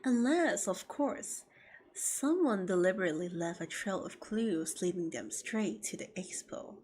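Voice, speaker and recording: A woman streaming a video game live, commenting excitedly, laughing often and reading character lines aloud. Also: mid-range voice, a little slow, slight background noise.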